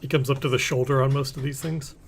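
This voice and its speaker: A man running a tabletop roleplaying game, with a middle-pitched voice. He describes the scene in stops and starts, filling pauses while he searches for details. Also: little pitch movement, slightly rough. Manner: hesitant, many ums and restarts while recalling details. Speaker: game master.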